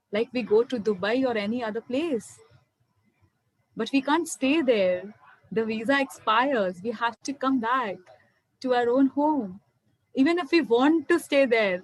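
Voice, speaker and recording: A woman's voice: on the high side, low-quality recording. Earnest woman, spiritual talk. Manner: earnest, repeats "my dear friends". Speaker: meditation speaker. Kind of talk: spiritual talk to an online audience.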